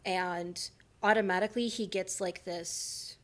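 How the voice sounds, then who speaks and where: A woman's voice: fairly low pitch, steady tone, measured pace. A woman narrating a tabletop game as game master, rambling with many fillers.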